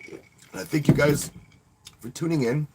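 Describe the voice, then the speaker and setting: A man's voice: on the high side, unhurried, gravelly, very noisy. A man who works as a wedding DJ, casually talking to viewers on a live stream in a rambling, friendly way and often restarting his words. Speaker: wedding DJ and channel host.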